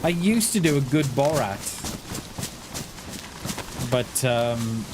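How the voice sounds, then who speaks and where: At a slow pace, a man with a medium-pitched, animated voice makes casual conversation while streaming a game. His talk wanders, broken by frequent chuckles and self-deprecating remarks. The recording is noisy.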